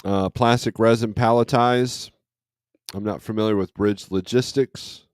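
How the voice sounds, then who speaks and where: A man's voice: fairly low pitch, fairly even intonation, unhurried, clear, resonant tone, no echo, clean studio sound. A man hosting a casual morning livestream from home, rambling along and reading viewer comments aloud. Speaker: livestream host, trucker. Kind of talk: casual chat. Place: at home, not in a truck.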